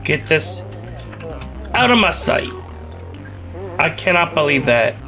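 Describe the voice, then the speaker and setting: A man with a lingering cough gives casual, rambling commentary over his gameplay. He jokes and gets excitable, and his slightly high, bright voice leaps around a lot. Faint game music plays underneath. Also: slow. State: has a cough. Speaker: let's play gamer.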